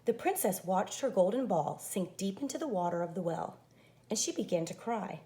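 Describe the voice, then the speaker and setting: A woman teacher reading a fairy-tale picture book aloud in an expressive way. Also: medium pitch, normal speed. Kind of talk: storybook read-aloud.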